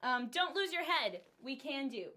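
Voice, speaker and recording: High-voiced woman chatting on a livestream. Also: lively intonation, normal speed, bright, forceful tone. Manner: apologetic and giggly. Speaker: streamer and singer. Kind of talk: casual livestream chat between songs. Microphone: studio condenser microphone.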